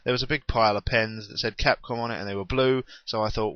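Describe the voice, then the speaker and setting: A man's voice: on the low side, steady tone, fast talker, no room sound, lo-fi sound. A young man chatting unscripted in a rambling, self-deprecating way on his gaming vlog. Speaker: gaming vlogger.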